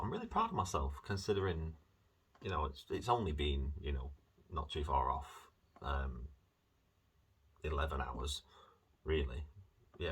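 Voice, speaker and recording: Very deep-voiced British man, husky. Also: fairly bright tone. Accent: British English. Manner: rambling, chatty and self-mocking. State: dry-mouthed from fasting. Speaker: vlogger. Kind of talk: casual video diary.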